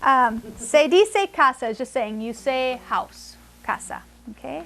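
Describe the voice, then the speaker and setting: A woman teaching conversational Spanish to adults, switching between English and Spanish and repeating phrases slowly for the learners. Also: sits high, animated, a bit bright. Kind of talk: classroom language lesson.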